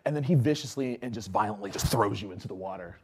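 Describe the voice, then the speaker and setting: A man preaching a casual, conversational sermon, telling stories with lots of fillers and swinging between loud bursts and hushed asides. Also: fairly low pitch, animated, fast, husky. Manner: chatty with many fillers.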